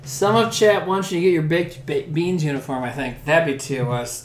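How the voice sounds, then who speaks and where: A man's voice: high voice, big pitch swings, a little fast, hardly any pauses, echoey room. A man casually chatting on a livestream, reading out chat and cracking crude jokes while he eats. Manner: loose, crude jokey banter while eating.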